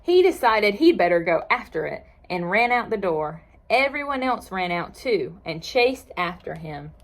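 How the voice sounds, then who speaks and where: Librarian lady reading a picture book to kids, slow and bouncy, talks to the kids now and then. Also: mid-range voice. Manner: slow, expressive read-aloud with playful asides to listening kids. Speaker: children's librarian.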